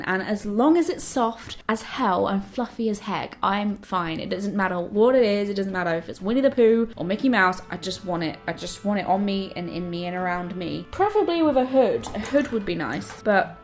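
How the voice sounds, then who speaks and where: A bubbly young woman chatters her way through a get-ready-with-me vlog at home, her voice sitting at an ordinary middle pitch. She is chatty and self-mocking and keeps turning aside to talk to the universe. Soft music plays faintly behind her. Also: expressive, normal speed, few pauses. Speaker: vlogger. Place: home, indoors. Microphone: camera mic.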